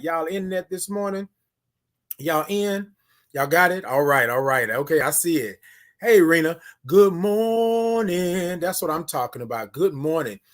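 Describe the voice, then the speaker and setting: Man, high voice, casual livestream host, drawn-out sung greetings, calls out to chat, phone camera. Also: fairly bright tone. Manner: greets viewers by name, repeats phrases, calls out to chat.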